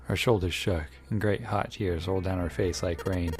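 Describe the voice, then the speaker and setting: Deep-voiced man reading a game aloud. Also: steady tone, faint music behind. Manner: measured, dramatic narration with occasional slips. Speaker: game reader. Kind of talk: dramatic reading of a visual novel.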